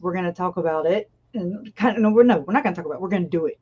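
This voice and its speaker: Woman host chatting on a stream, laughs a lot, lowish voice, kinda muffled lo-fi sound. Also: very fast, mellow. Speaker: channel host. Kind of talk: casual livestream chat.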